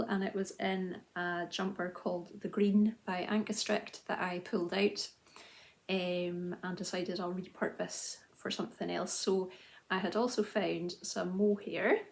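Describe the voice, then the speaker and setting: Chatty thirties woman with vocal fry. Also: mid-range voice. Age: 30s. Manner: chatty and self-deprecating, with frequent "um" and restarts. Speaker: knitting video journal host. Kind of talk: casual chat to camera.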